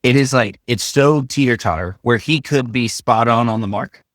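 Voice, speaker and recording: A man's voice: medium pitch, moderate pace, a bit bright, no echo, studio quality. A man co-hosting a podcast, joking and telling stories in a loose conversational way. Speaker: podcast co-host.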